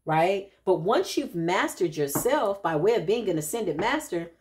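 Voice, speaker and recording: A woman's voice: mid-range voice, animated, measured pace, darkish tone. A woman giving a casual spiritual tarot reading, talking straight to her viewers in a chatty way with frequent tag questions. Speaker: intuitive spiritual reader.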